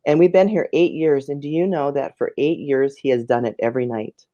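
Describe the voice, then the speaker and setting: A woman's voice: sits low, fairly even intonation, brisk, mellow, no echo, highs cut off. A woman in her fifties telling a personal story as an interview guest, earnest and emotional, often repeating her words.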